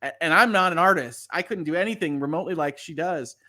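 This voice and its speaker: A middle-aged man hosting a legal livestream, reading viewer comments aloud in a halting, earnest way that often repeats words. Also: on the high side, pushed and bright. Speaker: legal channel host.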